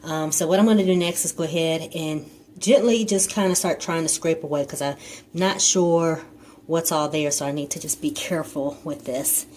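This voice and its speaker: A woman's voice: sits low, fairly even intonation, moderate pace, darkish tone, a little hiss or hum. A woman talking casually through a home repair job in a small bathroom, rambling with fillers and restarts as she works. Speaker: DIY home improvement vlogger. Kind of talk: casual how-to narration.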